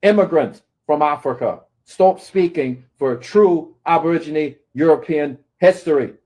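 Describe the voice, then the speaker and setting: A man's voice: on the high side, measured pace, darkish tone. A man ranting at his critics, scolding and taunting them and often asking "right?". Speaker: commentator. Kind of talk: confrontational rant to camera.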